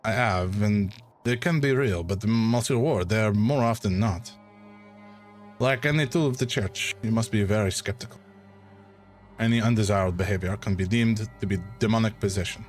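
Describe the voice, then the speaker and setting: A man putting on a French accent to voice a dry, skeptical male scientist who lectures gravely, reading game dialogue aloud. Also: on the low side, normal speed, faint music behind, natural voice. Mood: grave warning. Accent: put-on French.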